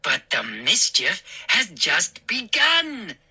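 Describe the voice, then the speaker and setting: A woman voicing small, gleeful, mischievous gnomes with shrill, sneering, giggly voices. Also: huge pitch swings, takes it slowly, sharp tone, slightly rough, full character voice.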